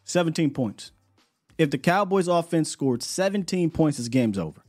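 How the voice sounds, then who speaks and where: A man's voice: on the high side, expressive, normal speed, darkish tone, faint music behind. A man hosting a casual sports talk show, making his points with emphatic repetition and calling guests in. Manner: emphatic, repeats points for effect.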